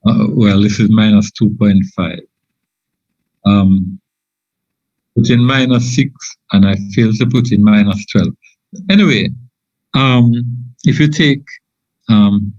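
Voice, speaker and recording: A man giving an informal engineering lecture, halting often with fillers and restarts. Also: fairly low pitch, a little mellow, no echo. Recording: dull lo-fi dry audio.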